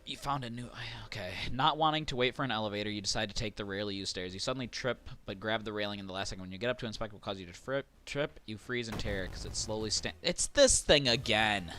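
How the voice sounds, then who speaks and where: A man's voice: lowish voice, fast, hardly any pauses, pushed and bright. A man streaming a video game live, reading the on-screen text aloud between casual asides to his viewers. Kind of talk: live gameplay commentary.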